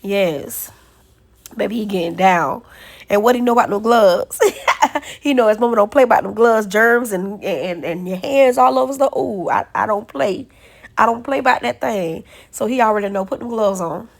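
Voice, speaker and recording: A woman's voice: mid-range voice, moderate pace, creaky. A woman, telling a story to her viewers in a chatty, affectionate way and calling them baby. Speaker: vlogger. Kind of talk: casual vlog chat.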